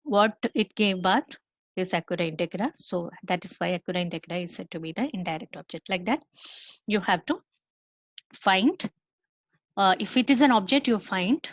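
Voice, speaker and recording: A woman's voice: mid-range voice, no echo, poor audio. A woman with an Indian English accent giving a recorded university lecture, explaining step by step with many fillers and restarts.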